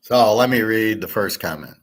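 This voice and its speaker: A man's voice: lowish voice, expressive, moderate pace. A man hosting his own channel, ranting bluntly and angrily with lots of swearing. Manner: angry, profane, blunt. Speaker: host of a sports betting and finance channel. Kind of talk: ranting monologue to camera.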